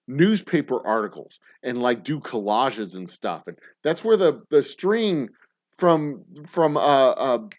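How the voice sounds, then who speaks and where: A man in his thirties rants profanely into a desk mic, his voice at a middling pitch. He swings from low, mumbled asides to loud, heated outbursts. The stream audio is a little dull and lo-fi. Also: animated, takes it slowly. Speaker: podcast host. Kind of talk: casual ranting monologue.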